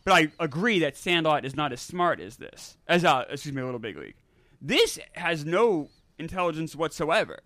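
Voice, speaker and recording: Man in his 40s, bright and lively voice, blunt movie critic, casual chat, dry close sound. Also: a little high, normal speed, dry recording. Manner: blunt, opinionated, animated. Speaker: podcast co-host.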